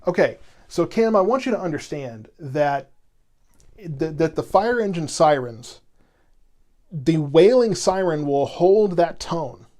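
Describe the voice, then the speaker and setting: A man's voice: fairly high pitch, animated, slow pace, mellow. A man hosting live severe weather coverage, explaining at length to viewers with many restarts and repetitions. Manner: rambling, repeats himself, explains patiently to chat. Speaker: weather stream host.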